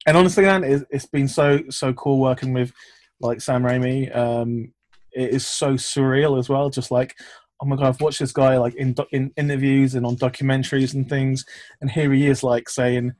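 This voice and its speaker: A man's voice: medium pitch, steady tone, brisk, darkish tone, no room sound. Rambling man in a casual interview. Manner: rambling, many fillers and restarts. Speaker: filmmaker guest.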